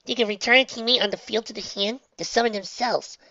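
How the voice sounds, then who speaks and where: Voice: mid-range voice, quick pace, sharp tone, no echo, highs cut off, pitched above the performer's own voice. A reader voicing an eager little girl. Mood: explaining.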